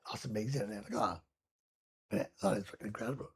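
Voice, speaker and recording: A man's voice: fairly low pitch, fast, breathy edge. A Welsh man from Wales doing a casual live stream chat, rambling and ranting with heavy swearing.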